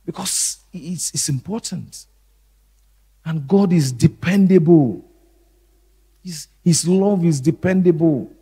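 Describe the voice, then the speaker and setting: A middle-aged male pastor preaching a sermon slowly and deliberately, repeating key phrases. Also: on the high side, warm tone, husky, long reverb tail.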